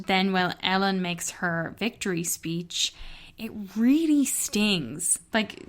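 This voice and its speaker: A woman co-hosting a podcast, talking candidly and swearing casually in a relaxed book club chat. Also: fairly low pitch. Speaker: podcast co-host. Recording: traffic noise from an open window.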